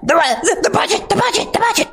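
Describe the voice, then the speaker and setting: Squeaky stammering pundit, flustered, sputtering, repeating words, voice pushed way up high. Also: male voice, lively intonation, quick pace, a bit bright, heavily acted. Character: mocking caricature of a flustered male pundit.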